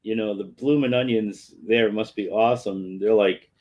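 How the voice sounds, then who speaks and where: A man's voice: fairly low pitch, moderate pace, dull audio. A man with a Boston accent co-hosting a casual chat show, jokingly reading viewer comments aloud. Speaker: podcast co-host reading chat.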